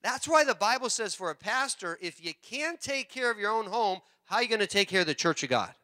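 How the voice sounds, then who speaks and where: A man pastor preaching a sermon in church, animated and joking with the congregation. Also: very high-pitched. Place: church sanctuary.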